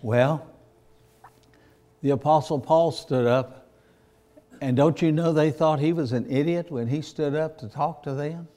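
A man's voice: fairly high pitch, unhurried, long pauses, mellow. A man preaching a sermon, repeating phrases and building to emotional peaks.

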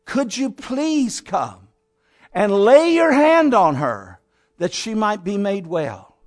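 A desperate father begging for help, as a high-voiced male preacher acts him out. He pleads urgently and repeats himself. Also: big pitch swings, slow pace, heavily acted. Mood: pleading.

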